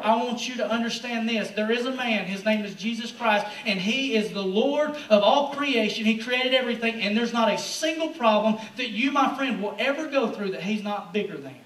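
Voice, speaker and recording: Pastor, male, high voice, relaxed slangy sermon, heard from across an echoing church. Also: far from the mic. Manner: lively, slangy preaching to a youth crowd. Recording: roomy echo, speaker away from the mic.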